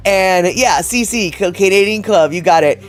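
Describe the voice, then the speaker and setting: A man's voice: high-pitched, normal speed, faint music behind. A man hosting a casual livestream, reading chat messages aloud and rambling in a chatty way, laughing often.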